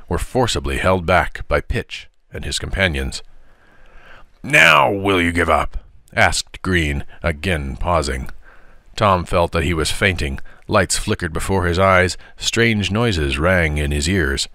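Deep-voiced man reading a storybook. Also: no room sound, studio quality. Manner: measured and expressive. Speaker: father reading aloud. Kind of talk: audiobook narration of a novel.

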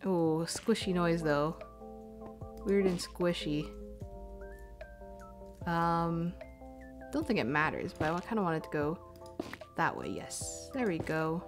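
Over music, a young Canadian woman speaks in a lowish, sing-song voice, taking her time with long pauses. She chats casually on a live stream while playing, thinking aloud and apologizing along the way. She's on a desk mic in a room at home and sometimes steps away from it.

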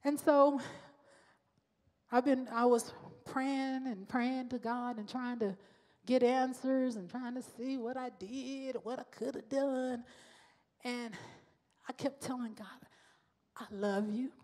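Woman preacher, high and unhurried, personal and repetitive sermon style, long hall reverb. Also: fairly even intonation, mellow. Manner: personal, conversational preaching with slow emphatic repetition. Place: church sanctuary.

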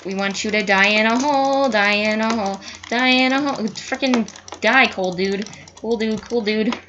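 A young woman giving casual gameplay commentary, excitable, swearing and yelling at the screen. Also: mid-range voice, moderate pace, highs cut off, noisy background. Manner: excitable, yells at the screen, frequent cussing. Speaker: gaming youtuber.

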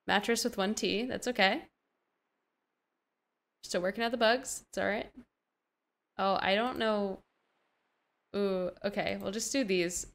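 A woman's voice: mid-range voice, slow pace, pauses often. A young woman casually commenting on a building game as she plays, gushing and gasping with delight, talking to herself in slangy asides. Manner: slang-heavy, talks to herself while playing. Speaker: gaming streamer.

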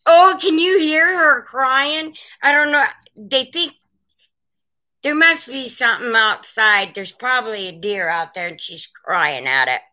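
Sex: woman. Role: vintage seller on a live stream. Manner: chatty, rambling, slow. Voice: bright, a little high. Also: poor audio. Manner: chatty, rambling, warm toward her viewers. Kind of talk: live-stream sales chat. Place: at home, indoors.

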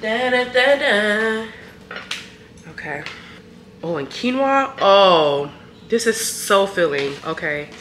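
A woman's voice: mid-range voice, animated, takes it slowly, pauses often, a bit bright, echoey room, a little hiss or hum. A young woman vlogger, chatting playfully and directly to her viewers. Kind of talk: casual sponsored vlog chat.

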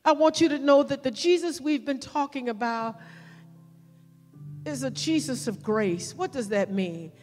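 High-voiced woman pastor preaching fervently. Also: animated, measured pace, long reverb tail, soft background music. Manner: fervent, shouting prayer and pleading invitation. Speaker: senior pastor. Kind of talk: sermon with altar call.

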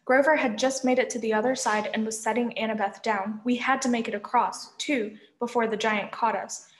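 A woman reading a novel aloud, narrating in a lively first-person voice, in an echoey room. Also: on the high side, normal speed. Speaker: reader.

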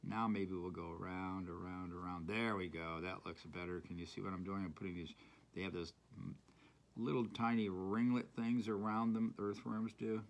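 Man, gravelly low voice, art teacher, chatty, playful, talks while drawing. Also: steady tone, normal speed. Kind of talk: casual drawing tutorial.

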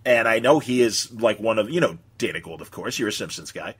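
A man's voice: lowish voice, expressive, a little fast, husky. A man hosting a podcast in casual chat, talking with easy enthusiasm. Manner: chatty, enthusiastic about films and comics. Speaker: podcast host.

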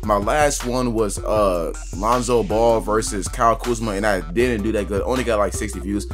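A man giving casual gameplay commentary as a YouTuber, talking loose and slangy to his viewers and getting excitable over the action. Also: on the low side, normal speed, music in the background. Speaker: gaming YouTuber.

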